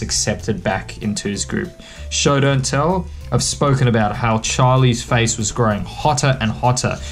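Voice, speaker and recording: A man from Western Australia, an author giving a relaxed, chatty writing lesson for kids. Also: lowish voice. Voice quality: relaxed, chatty explaining with fillers. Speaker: author-illustrator teaching kids. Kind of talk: picture book writing lesson.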